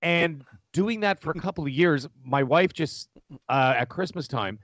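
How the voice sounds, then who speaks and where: A middle-aged man, a podcast guest, telling his story in a loud, animated, casual way with many restarts. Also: a little high, measured pace, dry recording. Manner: animated, talks loudly with many restarts and laughs. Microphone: studio microphone.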